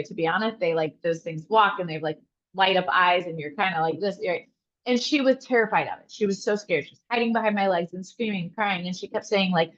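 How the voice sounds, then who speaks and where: A woman therapist answering interview questions, telling stories in an animated way and speaking straight to her listeners. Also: medium pitch. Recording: slightly dull lo-fi audio.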